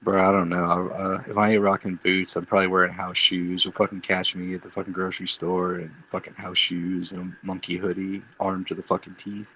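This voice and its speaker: A man from the US South with a Southern American accent, talking in a drawling, profane, deadpan way. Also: deep voice, fairly quick, few pauses, a little hiss or hum, poor audio. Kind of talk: casual chat.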